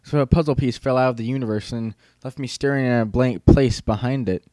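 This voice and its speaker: Male audiobook narrator, mid-pitched, casual and wry, dry close-mic studio read. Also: dark tone, dry recording. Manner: casual, wry teenage-boy storytelling. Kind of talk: first-person audiobook narration.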